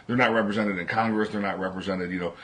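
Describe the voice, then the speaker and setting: A man on a podcast who weighs his words, slow to get going and full of fillers. His voice sits fairly low for a man. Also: fairly even intonation, a bit bright. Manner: measured, hesitant, many fillers. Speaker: podcast co-host. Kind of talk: casual political chat.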